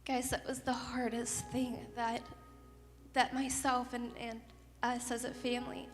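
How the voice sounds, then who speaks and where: A woman with a fairly high voice shares her testimony with a youth group, earnest and full of feeling. Her voice rings out in a large, echoey hall. Soft music plays quietly behind her. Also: flat delivery, a little slow. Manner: earnest, emotional storytelling.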